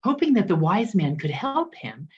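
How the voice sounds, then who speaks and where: A woman minister telling a story as part of her sermon, in an expressive storytelling manner. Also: mid-range voice, moderate pace. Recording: dull lo-fi recording.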